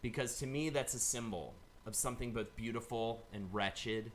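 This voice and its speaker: A man's voice: medium pitch, normal speed, a little hiss or hum. A man hosting a casual live-streamed chat, rambling and swearing freely. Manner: profane, rambling, shifts into loud bits. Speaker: host.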